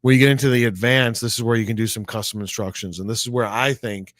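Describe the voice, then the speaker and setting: A man's voice: mid-range voice, steady tone, fast, fairly bright tone, dry recording, studio quality. A man co-hosting a casual tech discussion, thinking aloud and often tagging his points with "right?". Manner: chatty, thinks aloud, asks rhetorical "right?". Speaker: co-host.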